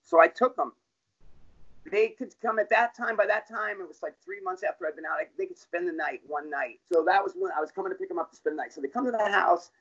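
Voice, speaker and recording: High-pitched and quick, with a fairly bright tone, this middle-aged man shares his life story in an interview. He's frank and profane, talking plainly like he would on the street, and the recording is lo-fi and dull.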